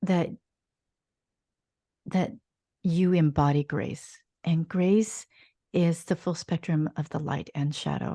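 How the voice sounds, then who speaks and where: A woman with a somewhat low voice hosts an interview podcast, summing up her guest's words with affirming, effusive praise. The recording is dry and close. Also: creaky, warm tone, breathy edge, dry recording. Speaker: podcast host.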